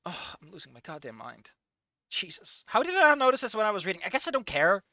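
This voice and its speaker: Casting: ranting game streamer, lively swings in pitch, bright and sharp, swears a lot. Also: fast talker, no echo. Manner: exasperated, profane, ranting critique. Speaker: streamer reading a game aloud. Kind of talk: game playthrough commentary.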